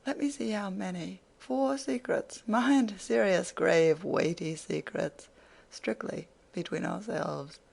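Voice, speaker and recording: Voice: mid-range voice, unhurried, vocal fry, hardly any pauses, husky, heavily acted. An audiobook reader voicing a spirited, teasing young woman who scolds her father playfully.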